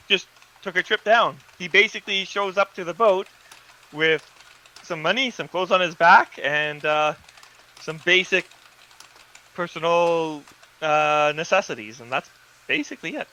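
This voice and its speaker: A man's voice: fairly high pitch, a little slow, long pauses, sharp tone, rough recording. A man talking about his character in a casual podcast chat, hesitant and full of uhs. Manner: hesitant, lots of uhs, plain own voice. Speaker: podcast player.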